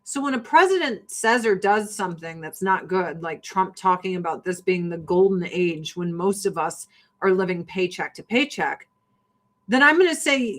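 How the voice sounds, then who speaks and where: A woman's voice: lowish voice, expressive, normal speed, fairly bright tone. A woman in a casual political rant, blunt, sarcastic and often profane. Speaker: livestream host.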